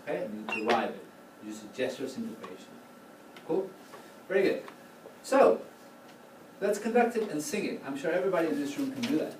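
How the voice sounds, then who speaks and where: A man's voice: fairly high pitch, very animated, a little fast, long pauses. Man, choral conducting teacher, patient explanations, sung examples, noisy rehearsal room. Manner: patient, explains then sings short demonstrations. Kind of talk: classroom instruction. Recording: echoey, distant, noisy room recording.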